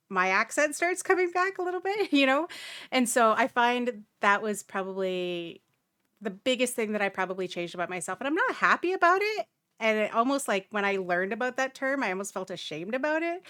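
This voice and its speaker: A woman from Canada speaking on a livestream panel, reflective and halting, often restarting her sentences. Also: mid-range voice, fairly bright tone, no room sound, clean studio sound. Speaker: streamer, panel guest. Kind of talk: casual panel discussion.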